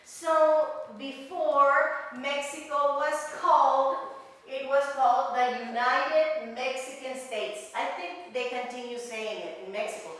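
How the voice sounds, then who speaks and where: High-voiced teacher in an echoey room. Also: female voice, steady tone, takes it slowly, a bit bright. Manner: patient, repeats phrases and restarts to explain. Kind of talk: casual history lesson for learners. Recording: echoey room, far from the mic.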